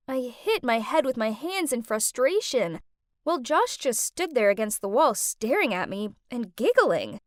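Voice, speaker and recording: A young woman narrating a dramatic first-person animated story, reading with theatrical panic and outbursts. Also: a little high, no room sound, studio quality. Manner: dramatic, breathless panic rising to screams.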